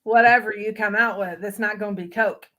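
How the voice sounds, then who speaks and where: A woman's voice: medium pitch, steady tone, a little fast, pushed and bright. A woman guest on a casual live-stream chat whose tongue is swollen, so her speech sounds thick, as if her mouth were full. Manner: candid fan opinions, short agreeing replies.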